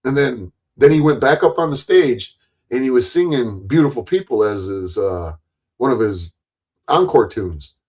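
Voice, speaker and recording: A man in the middle of a long, rambling story, swearing freely and doubling back over his own words. His voice sits at an ordinary middle pitch. When he quotes what people said, it jumps up higher and louder for a moment. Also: expressive, normal speed, slightly rough. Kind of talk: casual profane storytelling.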